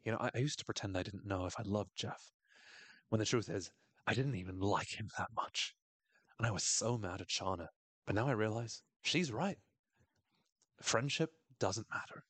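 A man reading out the lines of a bitter, disillusioned teenage girl in his own low voice, in a flat, dramatic way. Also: slightly rough, no echo.

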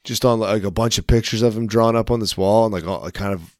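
Guy on a podcast rambling thru a story, swears a lot, kinda low voice, dry close sound. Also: steady tone, brisk, a little mellow, dry recording. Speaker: podcast co-host. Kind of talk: casual chat.

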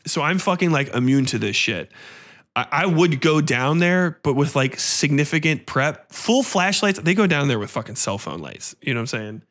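A man hosts a casual podcast chat about a film and swears freely as he talks. His delivery is animated and his voice sits fairly high for a man. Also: normal speed. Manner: profane, animated retelling. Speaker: podcast host.

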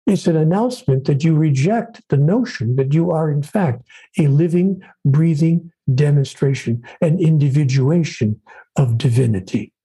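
An older man speaks in a measured, preacherly cadence, sinking low and soft when he quotes someone. His voice is gravelly and husky, with a very dark, mellow tone. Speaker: author and spiritual teacher. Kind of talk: interview, storytelling.

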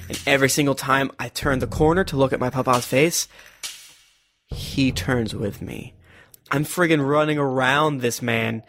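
A man playing his character in a tabletop role-playing game, animated and laughing often, close to the microphone. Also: medium pitch, normal speed, soft background music. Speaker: player.

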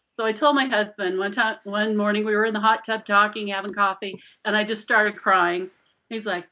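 A middle-aged woman, an author guest in an interview, chats casually at a moderate pace in a mid-range voice. She's an animated storyteller who acts out her own quotes and laughs often.

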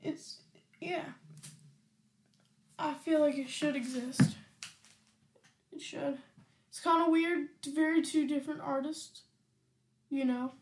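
Slow, high-voiced woman podcast host. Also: fairly even intonation, darkish tone, slight background noise. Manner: hesitant and giggly, trailing off often. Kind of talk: casual music reaction chat.

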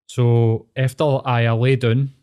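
A man's voice: medium pitch, little pitch movement, unhurried, a little mellow, clean tone. A man with a Glaswegian accent telling a long personal story in casual podcast chat, rambling and sweary but earnest. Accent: Scottish, Glaswegian.

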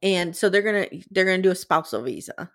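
A woman's voice: lowish voice, quick pace. A woman hosting a podcast, recapping a reality show in casual chat and acting out quotes in a jokey way. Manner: animated, jokey, acts out quotes in a bad British accent.

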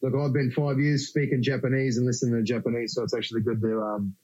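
A man's voice: medium pitch, level tone, fast, darkish tone. An Australian man as a podcast guest, rambling easygoing chat with frequent restarts. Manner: rambling, easygoing, laughs often. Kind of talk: casual interview chat. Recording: slightly dull lo-fi sound.

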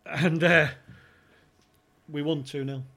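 A man's voice: fairly high pitch, fairly even intonation, slow pace, pushed and bright. A man guesting on a podcast, telling club stories in a chatty way, swearing freely and acting out the people he quotes. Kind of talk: anecdotal storytelling.

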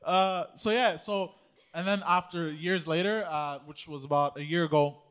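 A man's voice: fairly high pitch, fairly even intonation, moderate pace, fairly bright tone, smooth. A man guest on a casual podcast, rambling through a story, laughing and swearing often.

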